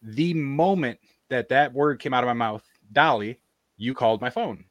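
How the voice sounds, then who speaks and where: A man's voice: medium pitch, moderate pace, no room sound, highs cut off. A man hosting a podcast, telling a story in casual chat and acting out what others said. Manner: animated storyteller, acts out quoted voices. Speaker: podcast host.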